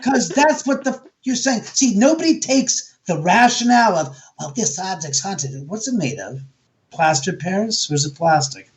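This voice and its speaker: Being interviewed as a guest, a haunted house owner tells stories in blunt, profane fashion, acting out quotes in animated interview talk. His voice sits high and sounds sing-song, at a moderate pace.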